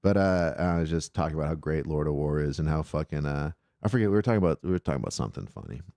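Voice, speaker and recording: A man's voice: rumbling low, lively intonation, racing, mellow, no room sound. A man hosting an irreverent call-in live stream, talking casually and rambling loosely, with swearing. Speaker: call-in show host.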